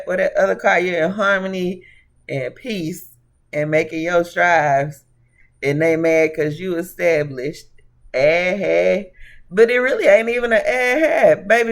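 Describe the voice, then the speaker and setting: A high-voiced man does a casual, sassy and preachy tarot reading to camera, speaking a little slowly. He calls viewers honey and baby and laughs often between points.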